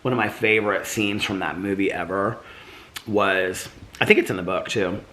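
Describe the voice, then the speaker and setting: A man's voice: low-pitched, fairly even intonation, normal speed, bright, forceful tone. A man vlogging in a casual, rambling way, full of fillers and restarts. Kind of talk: casual chat to camera.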